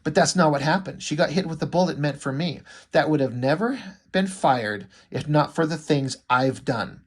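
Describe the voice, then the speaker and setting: A man's voice: fairly high pitch, normal speed, breathy edge. A man reading out the lines of a guilt-ridden, desperate young husband from a comic book. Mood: guilty, desperate.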